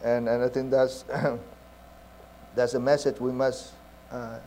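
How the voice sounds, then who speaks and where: A man's voice: medium pitch, level tone, slow pace, dark tone, a little hiss or hum. A man preaching a sermon in an earnest, conversational way, with many fillers and restarts. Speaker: pastor.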